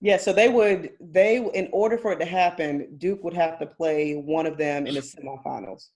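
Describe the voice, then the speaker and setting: A woman's voice: sits low, normal speed, a little mellow. A woman co-hosting a casual sports podcast, talking in long rambling turns, hedging often and laughing between thoughts. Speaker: podcast co-host.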